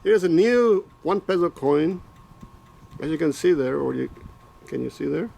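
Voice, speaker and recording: A man's voice: fairly high pitch, lively intonation, measured pace, gravelly, warm tone. A man rambling and joking as he talks to his own camera in a casual vlog, repeating himself as he goes. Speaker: vlogger making predictions.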